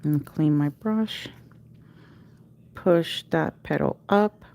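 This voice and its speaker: Woman nail artist on a livestream, unhurried, lowish voice, patient step-by-step coaching. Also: gravelly, a little mellow. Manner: patient step-by-step instruction, chanting repeated cue words. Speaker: nail artist teaching a live class. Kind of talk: livestream tutorial.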